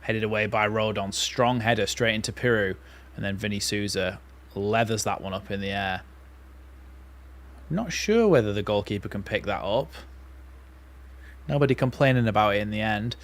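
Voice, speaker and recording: Young male fan host, low-pitched, live football commentary, excitable. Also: moderate pace. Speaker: watchalong host.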